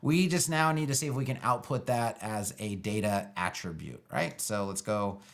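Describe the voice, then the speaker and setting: A man thinking out loud through a live web-building demo, loose and sarcastic, with lots of fillers. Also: lowish voice, normal speed. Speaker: web design educator building a page live. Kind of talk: casual live screen-share tutorial.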